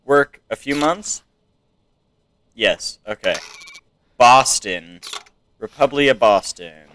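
A man's voice: mid-range voice, animated, slow pace, a bit bright, a little hiss or hum. A man giving casual gameplay commentary, thinking aloud as he checks items off to himself. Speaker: game player.

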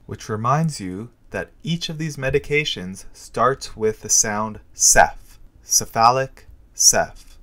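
A man narrating a scripted pharmacology lesson in a clear, measured way, slowly spelling out memory cues. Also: medium pitch, fairly bright tone. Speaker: pharmacology teacher.

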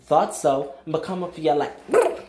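A young adult man rants in a vlog, his voice a little high and expressive at a normal speed. He's blunt and emphatic, repeats his points, and uses slang, recorded in an echoey room.

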